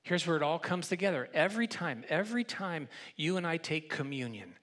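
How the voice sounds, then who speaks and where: Higher-voiced pastor preaching conversationally. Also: male voice, animated, a little fast, a bit bright. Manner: conversational, repeats words while restarting, teasing the congregation. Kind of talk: sermon. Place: church sanctuary.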